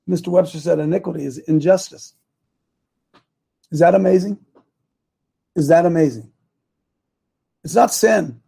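Man, talk show host, gravelly, husky, rambling, loses his thread. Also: fairly high pitch, unhurried, long pauses, warm tone. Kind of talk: live talk show with prayer.

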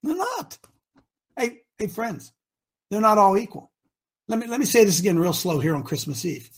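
A man's voice: sits high, animated, normal speed, slightly rough. Emphatic, preachy male talk show host. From Ohio. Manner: emphatic and preachy, swinging between shouting and mutters.

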